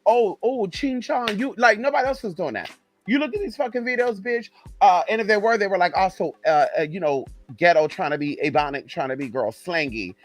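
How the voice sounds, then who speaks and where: A young man from the Southern US, hosting a casual live stream, who talks in a sassy, flamboyant way, calls his viewers honey and drops into low muttered asides. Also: expressive, fairly quick, faint music behind.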